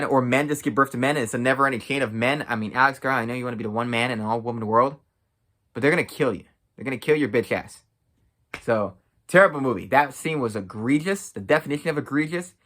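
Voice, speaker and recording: A man's voice: medium pitch, sharp tone. A man giving a casual, blunt and profane rant as a film reviewer, exasperated and outspoken.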